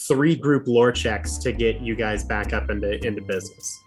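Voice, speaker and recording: A man playing a tabletop game, chatty and thinking out loud. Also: lowish voice, moderate pace, soft background music. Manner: chatty, thinks aloud with fillers. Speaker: player. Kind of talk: casual tabletop game chat.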